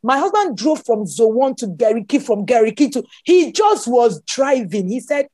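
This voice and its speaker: A Nigerian woman with a fairly high voice tells her story with plenty of exclamations and laughter. She sounds close and dry, with no room sound around her. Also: moderate pace, dry recording. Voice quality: expressive, exclaims often, laughs while telling. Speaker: guest. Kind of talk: animated personal storytelling.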